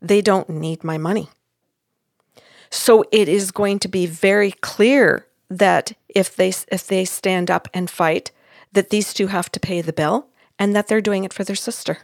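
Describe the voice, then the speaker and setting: A woman's voice: medium pitch, unhurried, dry recording, studio quality. A woman who works as a psychic medium, recounting a session in casual chat and acting out the others' words. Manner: animated, acts out quotes of others.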